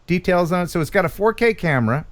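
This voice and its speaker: A man's voice: high-pitched, lively intonation, quick pace, slight background noise. A man hosting a casual livestream chat, joking and teasing his guest. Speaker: host.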